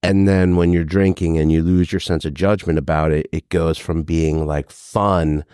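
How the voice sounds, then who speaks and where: A man's voice: low-pitched, steady tone, moderate pace, warm tone, clean tone, no room sound, studio quality. A man hosting a podcast, asking questions and reflecting back on what his guest says in a curious, thoughtful way. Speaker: podcast host, counselor. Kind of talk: conversational interview.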